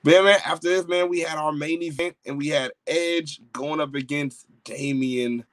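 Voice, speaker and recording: A married adult man with a fairly high pitch hosts a wrestling podcast at a moderate pace; the recording is dry and rough. Excitable and rambling, he chats casually about wrestling in slang, with many fillers and restarts.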